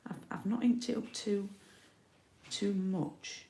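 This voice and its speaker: A woman's voice: mid-range voice, slow, mellow, roomy sound. A middle-aged woman from the UK giving a casual card-making tutorial, chatty and often checking in with her viewers.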